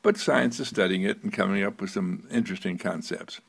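A man's voice: on the low side, fairly quick, creaky, slightly rough. A man giving a short inspirational self-help talk, repeating phrases with emphasis and an occasional chuckle. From United States. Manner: repetitive, emphatic, chuckling now and then. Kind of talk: inspirational monologue.

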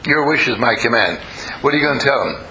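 A man's voice: medium pitch, lively intonation, fast, pushed and bright, slight background noise, poor audio. A man leading a live group, questioning and coaxing the audience and telling stories as he teaches. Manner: storytelling. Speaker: group leader teaching a class. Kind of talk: interactive talk to a live group.

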